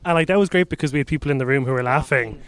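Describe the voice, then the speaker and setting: A man's voice: mid-range voice, rapid-fire. A man hosting a podcast, asking questions and agreeing along in casual chat. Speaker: podcast host, interviewer.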